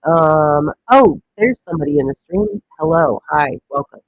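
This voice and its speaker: A man's voice: fairly high pitch, expressive, normal speed, muffled recording. Rambling man hosting weather stream. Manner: rambling, joking, many fillers. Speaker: comedic weather livestream host. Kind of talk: casual livestream weather commentary.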